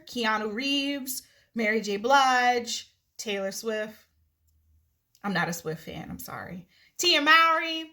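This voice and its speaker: A woman's voice: sits high, sharp tone. A woman explaining astrology through a cooking story in a casual, joking manner, laughing often. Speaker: astrology teacher.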